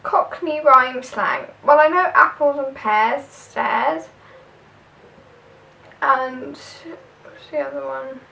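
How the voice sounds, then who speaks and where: This young woman, a vlogger with a southern English accent, talks her way through a tag video in a chatty, rambling style heavy on fillers. She speaks slowly, often pausing, in a high, gravelly, sharp-toned voice; the mic is distant and the audio poor.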